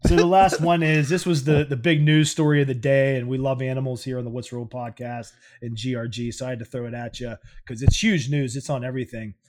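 A man co-hosting a casual comedy podcast, excitable, laughing often and swearing freely. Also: mid-range voice, a little fast, few pauses. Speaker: podcast co-host.

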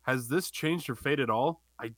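A man's voice: medium pitch, moderate pace, a bit bright, dry recording. A man co-hosting a podcast, reading a listener's email aloud with side comments. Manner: reads steadily, adding side comments. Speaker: podcast co-host.

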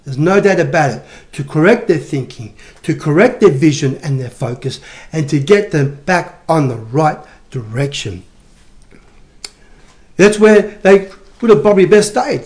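A man preaching with real energy and a voice sitting a touch high for a man. He hammers his points home by repeating phrases. The delivery is a lively sermon rather than a calm talk. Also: moderate pace. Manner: animated, emphatic preaching with repetitions.

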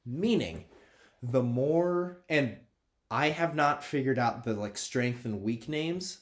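A man's voice: mid-range voice, expressive, slow. Laughing, jokey man in casual chat. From northern United States. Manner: laughing, jokey, slips into playful put-on voices. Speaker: podcast co-host.

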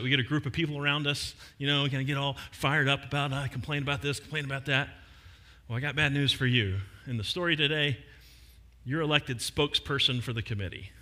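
A man's voice: mid-range voice, sharp tone. A man preaching a sermon as a pastor, retelling a story with acted voices and a casual, joking delivery.

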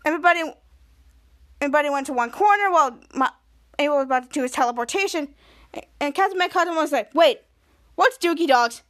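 A woman's voice: high voice, animated, fast talker, long pauses, fairly bright tone. A woman hosting a podcast, rambling through a scene-by-scene recap of a TV episode with frequent restarts. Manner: rambling scene-by-scene retelling with self-corrections. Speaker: podcast host.

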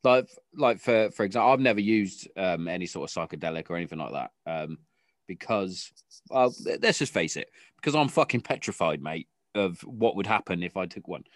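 A man's voice: low-pitched, lively intonation, a little fast, no echo, studio quality. A British man hosting a casual podcast chat, talking in a sweary, rambling way with frequent restarts. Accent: British English. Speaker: podcast host.

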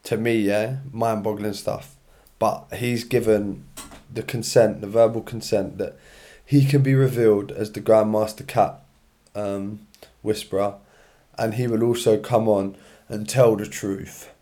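A tired young man yawns his way through his solo podcast, recorded on his own mic in his room. His lowish voice is steady, unhurried and warm, and he talks in a chatty, rambling, slangy way.

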